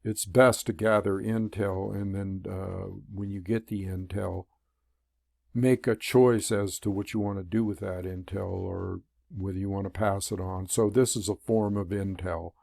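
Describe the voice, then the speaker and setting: A man's voice: low-pitched, level tone, unhurried, vocal fry, dark tone, no room sound, clean studio sound. A man talking to the camera as a spiritual teacher, in a loose, rambling monologue full of fillers and restarts. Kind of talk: casual monologue. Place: room.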